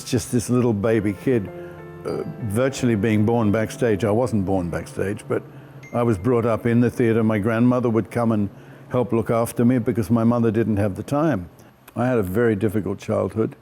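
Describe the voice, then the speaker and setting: An older man, an actor telling stories from his life in an interview with clear, projected speech and frequent self-deprecating laughter. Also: fairly low pitch, mellow. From Australia. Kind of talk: reflective storytelling interview.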